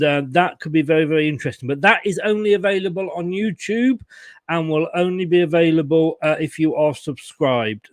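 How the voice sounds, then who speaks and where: A cheerful man with a fairly high voice hosts a fan show, cracking jokes and teasing his co-hosts. The sound is close and dry. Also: no echo. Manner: jokey, teasing, laughs often. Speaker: host. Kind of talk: casual fan show chat.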